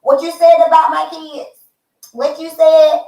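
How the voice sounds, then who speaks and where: A woman doing a shrill, yapping accusing man. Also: flat delivery, creaky, dark tone, echoey room, recorded from a distance, heavily acted, low-quality recording. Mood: indignant. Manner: shrill, accusing rapid questions. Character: indignant young man, yapping like a little dog.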